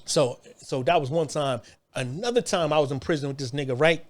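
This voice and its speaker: Speaking fairly quickly at a fairly high pitch, a thirtysomething man spins an animated, foul-mouthed, casual story riddled with repetitions and false starts.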